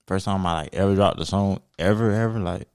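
A raspy young man, a hip hop artist, talking in a relaxed, rambling way with plenty of fillers in a casual podcast interview. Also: low voice, brisk, no room sound, clean studio sound.

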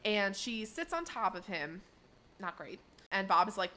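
A woman's voice: medium pitch, slow, pauses often. A woman co-hosting a podcast, retelling a cartoon episode in casual chat and acting out the lines. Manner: animated retelling, acting out quotes. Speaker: podcast co-host recapping an episode.

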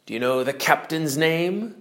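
Brash young male sailor, defiant, slightly high voice, as a teacher puts him on. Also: expressive, measured pace, fairly bright tone. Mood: questioning.

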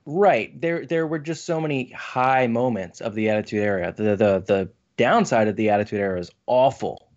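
A man co-hosting a casual podcast, speaking in a thoughtful, measured way. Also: lowish voice, a little mellow, highs cut off. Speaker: podcast co-host. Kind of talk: casual chat.

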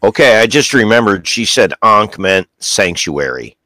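A man co-hosting a casual talk show, reminiscing about old movies, halting and searching for words. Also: fairly low pitch, sing-song, pushed and bright, dry recording. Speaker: podcast co-host. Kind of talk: casual chat.

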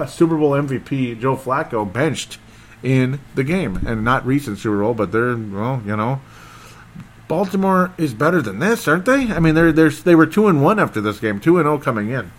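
A man hosting a casual solo football recap, rambling and excitable and often losing his train of thought. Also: medium pitch, moderate pace. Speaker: sports podcast host.

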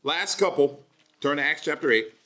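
A man preaching an energetic sermon at a church service, joking and doing playful voices while the congregation answers him. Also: a little high, moderate pace. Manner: lively, jokey preaching with playful put-on voices. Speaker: pastor.

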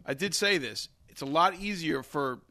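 A young man co-hosting a casual sports betting show, animated and swearing freely, his voice jumping high when he gets worked up. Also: moderate pace, no echo, studio quality. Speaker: podcast co-host.

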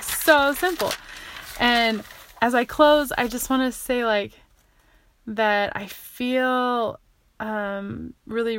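A woman talking casually in her own vlog, rambling and excitable, often breaking off mid-sentence and restarting. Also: medium pitch, no echo. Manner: rambling and excitable, many fillers, self-interrupting. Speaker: vlogger sharing what she learns. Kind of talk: casual self-recorded monologue.

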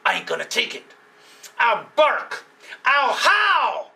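A man's voice: very high voice, wildly swooping pitch, slow, creaky, sharp tone, reverberant, distant mic, full character voice. A man voicing a greedy, scheming storybook dog. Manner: scheming, boastful inner thoughts.

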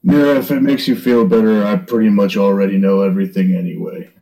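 A man playing his character in a tabletop game, talking in a steady, firm, reasoning way. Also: fairly low pitch, fast talker, vocal fry, poor audio. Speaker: player.

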